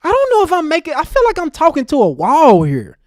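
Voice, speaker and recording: A man delivers a heated, angry commentary rant, talking straight at the person he is answering. His pitch swings widely as he speaks, and the sound is close and dry with no room echo. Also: wildly swooping pitch, brisk. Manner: angry, ranting, addresses the speaker directly. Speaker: commentary host.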